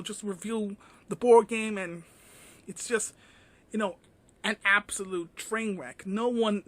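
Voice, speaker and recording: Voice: medium pitch, sharp tone. A vlogger giving an indignant, ranting commentary, full of fillers and swearing.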